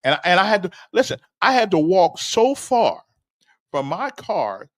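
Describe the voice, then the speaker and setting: A man's voice: high voice, sing-song, a little slow. An older man hosting a casual stream, telling a rambling story with stammers, repeated words and chuckles, and talking straight to a listener. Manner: chuckles often and talks directly to a listener. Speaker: host. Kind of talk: casual livestream chat.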